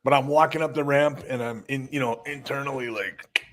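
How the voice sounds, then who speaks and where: A man who is a guest and former wrestler, telling stories in a relaxed, casual way. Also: mid-range voice, brisk, crowd noise. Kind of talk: casual chat.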